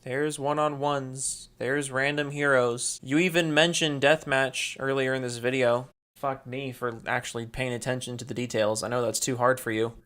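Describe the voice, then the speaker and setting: A man's voice: mid-range voice, steady tone, normal speed, few pauses, fairly bright tone. Sarcastic man ranting over gameplay. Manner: sarcastic, exasperated. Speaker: YouTube commentator. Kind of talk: response video commentary.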